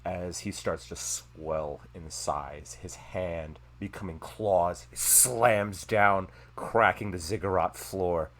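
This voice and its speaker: A man with a very low voice narrates a tabletop role-playing session as its game master. He takes his time, laying out each scene slowly and deliberately. The telling is steady and measured. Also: background noise.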